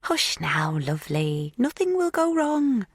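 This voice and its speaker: A woman's voice: on the high side, big pitch swings, a little slow, breathy edge, no room sound, studio quality, voice pushed up, heavily acted. A woman voicing a creepy older woman who keeps her captive with a falsely sweet, sing-song, soothing manner. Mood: sweetly menacing.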